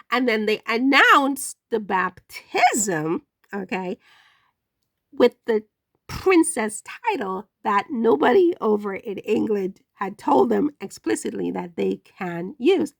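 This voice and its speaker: A woman hosting a commentary channel, delivering a sarcastic, animated monologue and repeating words for effect. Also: on the high side, vocal fry, no room sound.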